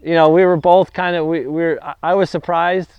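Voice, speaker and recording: A middle-aged man telling a story in a casual interview, halting, with many restarts and fillers. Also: fairly high pitch, level tone, clear, resonant tone, no room sound, highs cut off.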